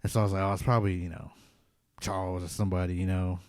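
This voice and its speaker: A man's voice: deep voice, level tone, rapid-fire, no echo, studio quality. A man hosting a podcast, telling a personal ghost story in a casual, rambling way with many "like" fillers. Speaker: podcast host.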